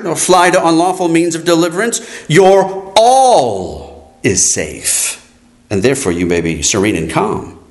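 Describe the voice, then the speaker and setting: A man preaching a sermon in a solemn, declaiming way, his voice rising and falling. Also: a little high. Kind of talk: sermon reading.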